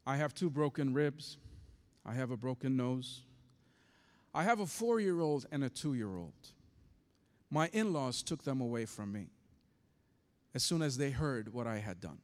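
A man's voice: mid-range voice, animated, unhurried, long pauses, a little mellow, in a large hall. A man preaching as pastor, telling a story with passion and acting out the voices in it.

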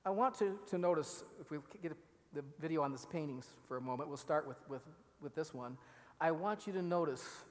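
A man preaching a sermon, acting out quoted lines with rising force and dropping to a near-whisper for emphasis. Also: on the high side. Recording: long reverb of a large hall.

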